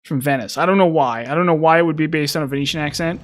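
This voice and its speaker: A young man talks through a video game in a loose, self-correcting ramble. His voice sits slightly high for a man. A faint noise runs underneath. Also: racing. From United States. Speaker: gaming commentator. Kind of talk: casual gameplay commentary.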